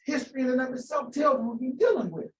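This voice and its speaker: A man's voice: extremely high pitch, fairly even intonation, fast, far from the mic. A man preaching an impassioned sermon, asking rhetorical questions and repeating phrases for emphasis. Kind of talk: fiery sermon. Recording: echoey room, voice off-mic.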